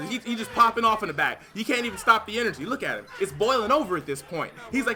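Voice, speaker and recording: A man's voice: sits high, quick pace, hardly any pauses. A man co-hosting a casual recap chat, telling stories animatedly and acting out what people said. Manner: animated storyteller, acts out quotes. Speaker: podcast co-host.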